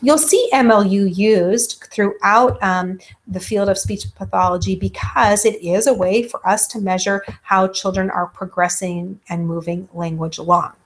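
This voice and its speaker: A woman's voice: mid-range voice, fairly even intonation, unhurried, few pauses. A woman giving a recorded lecture, with many ums, who stops to act out baby sounds herself.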